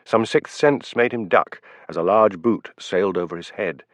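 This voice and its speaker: Low-voiced male audiobook narrator. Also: moderate pace, no room sound. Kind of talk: scripted narration. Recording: dull lo-fi, dry.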